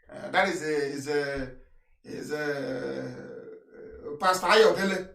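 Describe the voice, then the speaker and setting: A man's voice: a little high, fairly bright tone, distant mic. Emphatic man broadcasting live, off-mic. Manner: emphatic, repeats phrases, chuckling asides. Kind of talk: impassioned live broadcast address. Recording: roomy sound, voice off the mic.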